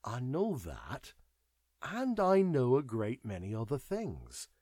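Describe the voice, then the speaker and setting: Man reading world-weary detached man, wry, measured, husky. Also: mid-range voice, wildly swooping pitch, darkish tone, no room sound, clean studio sound, heavily acted.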